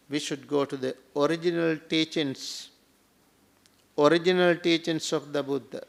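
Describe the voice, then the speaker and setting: A Buddhist monk giving a sermon, teaching slowly and repetitively, asking rhetorical questions and adding a questioning "hmm?". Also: male voice, a little high, vocal fry.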